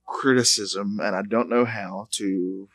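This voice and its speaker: A man's voice: fairly low pitch, fairly even intonation, slow, no echo. A man co-hosting a retro game podcast, joking around with his co-host. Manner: over-the-top mock outrage, shouting; hushed mock-sad delivery. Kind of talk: comedic banter and mock skit.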